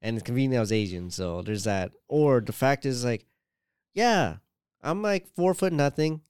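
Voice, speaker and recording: A man chatting casually, his stories wandering through fillers and quoted asides. His voice is smooth and clear, recorded close and dry. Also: medium pitch, fairly quick, a little mellow, no echo. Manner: rambling storytelling, full of "like" and quoted asides. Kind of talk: casual chat.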